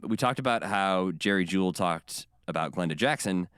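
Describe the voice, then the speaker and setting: A man co-hosting a podcast in casual chat, animated and often acting out quotes. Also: sits low, normal speed, clean tone, no room sound, studio quality. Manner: animated, quotes others in bursts. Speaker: podcast co-host.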